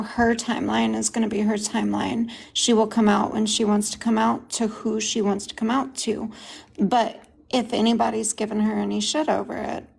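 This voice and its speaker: Husky creaky woman, earnest. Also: a little high, darkish tone, low-quality recording. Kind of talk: casual chat.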